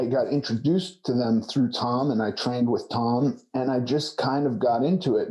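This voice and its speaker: A man's voice: mid-range voice, mellow. A man in his forties from California, a guest telling a casual story with many restarts. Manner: rambling storytelling with frequent restarts and profanity. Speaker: podcast guest, actor. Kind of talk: casual conversation.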